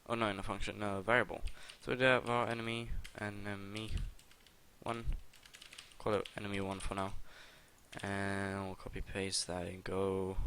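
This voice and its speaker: Young man explaining code, halting and bright. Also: fairly low pitch, a little hiss or hum. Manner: casual, hesitant, with many uh and um fillers. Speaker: coding tutorial host. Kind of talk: screen-recorded coding tutorial.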